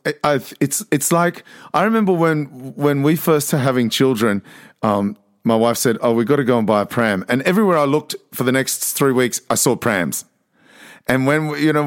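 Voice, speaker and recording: Reflective male host musing casually. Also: mid-range voice. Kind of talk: casual chat.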